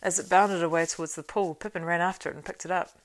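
A woman reading a fantasy audiobook, narrating in a steady, unhurried way. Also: fairly low pitch. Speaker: audiobook reader.

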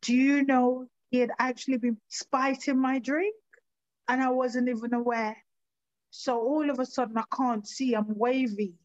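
A woman giving halting, emotional personal testimony in an interview. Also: high voice, flat delivery, dry recording, dull audio. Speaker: interview guest.

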